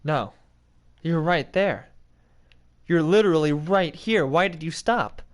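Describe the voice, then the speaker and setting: Young man, gameplay commentary, slow and drawn out, slightly high voice, faint hiss behind. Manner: exasperated, pleading with the game character. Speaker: gaming video creator.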